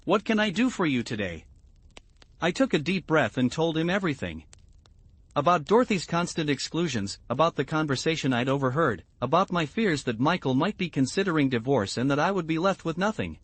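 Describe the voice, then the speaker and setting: A man's voice: fairly high pitch, lively intonation, fairly quick, husky, no room sound. Man narrating a first-person story.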